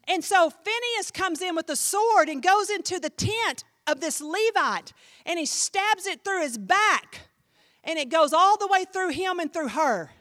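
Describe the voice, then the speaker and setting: A woman pastor preaching a sermon in an animated, emphatic way, speaking directly to her congregation. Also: very high voice, measured pace.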